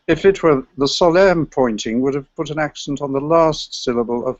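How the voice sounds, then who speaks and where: A man presenting an academic paper on medieval chant, speaking in a scholarly, digressive way with a gravelly voice. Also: a little high, moderate pace, hardly any pauses, dry recording, lo-fi sound.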